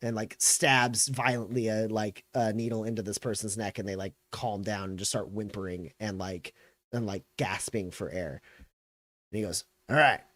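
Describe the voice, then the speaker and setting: A man narrating a tabletop game as game master, in a loose, halting way with many fillers. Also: on the low side, steady tone, fairly bright tone, no room sound.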